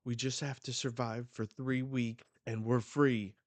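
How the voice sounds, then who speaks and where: A man's voice: medium pitch, little pitch movement, a little slow, dry recording, voice pushed up, natural voice. A man reading aloud as frightened, desperate people fleeing a hunt.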